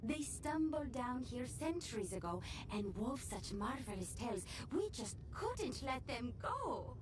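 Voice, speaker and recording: A whispering eerie spirit sister. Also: female voice, on the high side, big pitch swings, a little slow, noisy background. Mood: teasing. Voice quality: breathy whisper.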